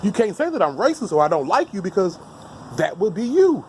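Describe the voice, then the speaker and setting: A man's voice: high-pitched, big pitch swings, fairly quick, a little hiss or hum. A man giving a blunt, heated, profane rant to camera outdoors, heavy with street slang. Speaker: vlogger. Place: outdoors on steps.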